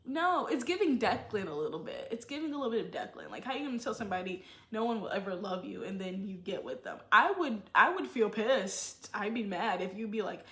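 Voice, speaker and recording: A woman's voice: mid-range voice, animated, a little fast, hardly any pauses, fairly bright tone. Chatty opinionated woman ranting, acts out quotes, roomy echo. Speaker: show commentator. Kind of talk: casual commentary.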